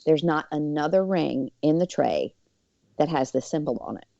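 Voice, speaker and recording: A woman, a podcast guest, telling a personal story with many fillers and lively quoted voices. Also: low voice, moderate pace, vocal fry, no room sound, muffled recording.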